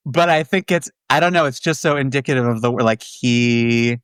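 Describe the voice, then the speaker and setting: A man in his forties from the Washington, D.C. area, a guest telling a childhood story in a relaxed chat and laughing often. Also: mid-range voice, unhurried, clean tone, no echo. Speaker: guest, musical theater writer. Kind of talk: casual podcast chat.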